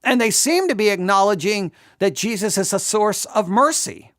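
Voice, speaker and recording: A Bible teacher giving an exegetical study, talking in an animated way, acting out quoted lines and often restarting sentences. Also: medium pitch, moderate pace. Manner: animated, acts out quoted speech, frequent restarts.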